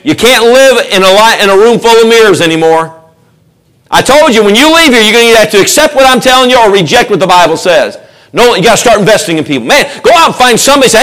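A man preaching a sermon in church, animated, acting out quoted voices and joking with the congregation. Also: extremely high pitch, fast. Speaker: pastor. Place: church sanctuary.

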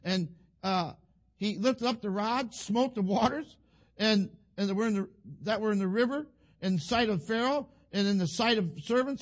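Man, preacher, high voice, folksy, bursts into fervent shouts. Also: moderate pace. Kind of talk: sermon.

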